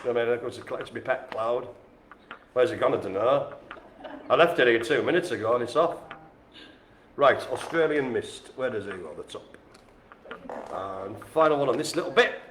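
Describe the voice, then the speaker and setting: Jokey bingo caller in an echoey room. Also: male voice, mid-range voice, normal speed, pauses often, a little hiss or hum. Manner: jokey, animated, chatty with the room. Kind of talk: live-streamed bingo calling. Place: indoor care home lounge.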